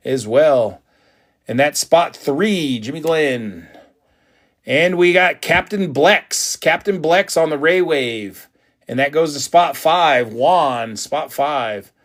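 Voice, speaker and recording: Hyped male stream host running a card break, slightly higher voice, talks straight to viewers. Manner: excitable, hyped, chatty with viewers.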